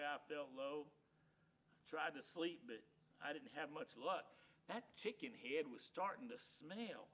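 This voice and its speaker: A man reading a children's storybook aloud with dramatic, animated delivery. His voice sits a bit high and sounds bright and tense. He throws himself into every turn of the tale. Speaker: narrator. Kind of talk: storybook reading, first-person as a dog.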